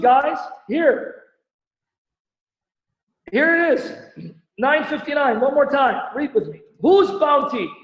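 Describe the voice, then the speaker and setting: A man with a strikingly high voice, hosting a live teaching stream and pressing his audience with one rhetorical question after another. The sound is dull and lo-fi, with a roomy echo around him. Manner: animated, rhetorical questions, presses listeners for answers. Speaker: Christian apologist host. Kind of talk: livestream Bible-Quran debate teaching. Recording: echoey, dull lo-fi stream audio.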